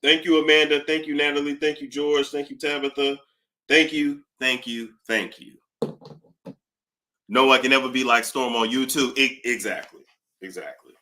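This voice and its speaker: Chatty male livestream host with a bright, forward voice; animated and talkative. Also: mid-range voice, moderate pace. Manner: animated, chatty, reading out donor thanks. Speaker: YouTube gossip host. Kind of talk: casual livestream chat.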